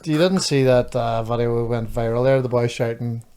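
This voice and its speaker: A Northern Irish man co-hosts a casual podcast. He tells stories in an unhurried, easygoing way, with swearing throughout. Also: medium pitch, steady tone, warm tone, smooth. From Northern Ireland. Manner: laid-back storytelling with swearing. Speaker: podcast co-host. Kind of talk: casual chat.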